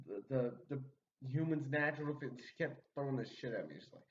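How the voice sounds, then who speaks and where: Speaking fairly quickly and with animation in a mid-range voice, this young podcast guest rambles through a story full of fillers and frequent laughter. It's casual chat, recorded far from the mic, so it sounds muffled with a little hiss or hum.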